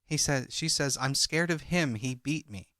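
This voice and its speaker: Bright-voiced man retelling a story. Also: mid-range voice, moderate pace, no echo, studio quality. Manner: recounts a transcript, reading out each speaker's lines in turn. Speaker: podcast co-host. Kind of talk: true crime podcast retelling.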